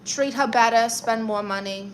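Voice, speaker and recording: A woman's voice: on the high side, slight background noise, close to an everyday voice. A woman in character as a brash Brooklyn aunt who calls herself a therapist, reading viewer comments on a comedy livestream with sassy comebacks. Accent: Brooklyn New York. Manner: sassy, brassy, quick comebacks.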